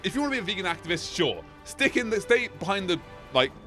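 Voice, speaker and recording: A male host of an anime explainer video talks in a loose, ad-libbed way, wandering into side stories and laughing at himself. His pitch leaps up and down with lots of energy. A faint music bed plays behind him. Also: quick pace. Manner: tangent-prone, laughs often, animated swings in pitch. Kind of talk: rambling, ad-libbed commentary.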